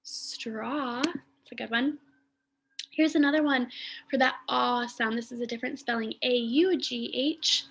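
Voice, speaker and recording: A woman's voice: a little high, creaky, a bit bright, slightly rough. A woman teaching a phonics lesson to young children, sounding out letters and words with careful enunciation and thinking aloud as she goes. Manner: thinks aloud with pauses and fillers.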